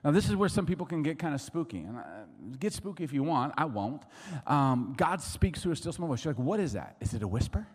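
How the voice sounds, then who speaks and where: Man, 40s, pastor mid-sermon: conversational, playful, swings his pitch a lot; reverberant sanctuary sound. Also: lively intonation, slightly rough. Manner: conversational and jokey, acting out quick voices.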